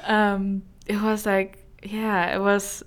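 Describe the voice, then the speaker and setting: A soft-spoken woman, not a native English speaker, answers interview questions in a smooth, clear voice. She stays even and flat in pitch, pausing often and searching for words. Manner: hesitant, halting, many fillers. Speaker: guest. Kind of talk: casual interview conversation.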